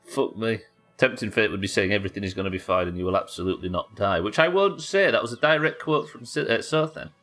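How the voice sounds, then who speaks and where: A man's voice: lowish voice, lively intonation, quick pace, fairly bright tone, soft background music. A man chatting casually and joking while he plays a game on a live stream. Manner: chatty, joking, swears freely. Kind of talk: casual gameplay commentary.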